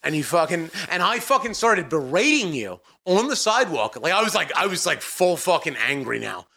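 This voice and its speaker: A man co-hosting a podcast, telling a long story in a profane, animated way with mock-angry outbursts. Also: fairly high pitch, moderate pace, gravelly. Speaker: podcast co-host. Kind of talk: casual storytelling chat.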